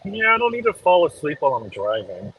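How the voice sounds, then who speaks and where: A man calls into a livestream as a guest and chimes in with upbeat jokes. His voice is husky and swings up and down in pitch as he talks. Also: sing-song, a little fast, a bit bright, poor audio. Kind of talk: casual livestream chat.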